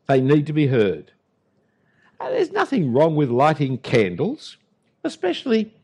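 A man's voice: on the high side, a little mellow, slightly rough. An older man with an Australian accent preaching a sermon as an Anglican pastor, emphatic and punchy, with dry humour.

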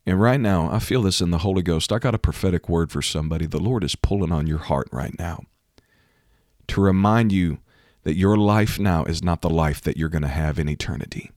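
A man preaching a sermon, fervent and building to loud, urgent exhortation, close to the mic. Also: low-pitched, brisk, dry recording.

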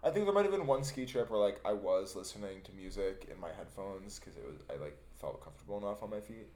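A man's voice: fairly low pitch, expressive, fast talker, darkish tone, reverberant. A man co-hosting a podcast in casual chat, rambling with many fillers and restarts. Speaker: podcast co-host.

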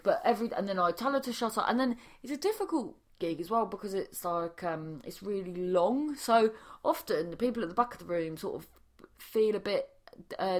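A young woman, a stand-up comedian, telling a rambling casual story with swearing and many restarts. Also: mid-range voice.

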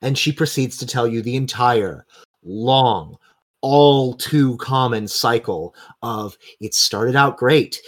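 A man's voice: mid-range voice, slow pace. A man running a tabletop game as game master, narrating scenes in long, vivid run-on descriptions.

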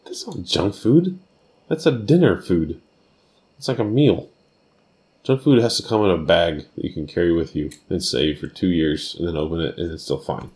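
A man co-hosting a podcast, teasing and firing off quick questions in casual chat. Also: low-pitched, darkish tone. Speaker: podcast co-host.

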